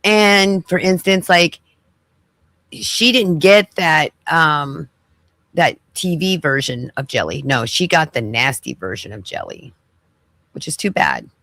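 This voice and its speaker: Sassy woman host with a lively voice. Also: low voice, slow pace, no room sound, clean studio sound. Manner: sassy, preachy reactions. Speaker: podcast host reacting to clips. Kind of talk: casual commentary.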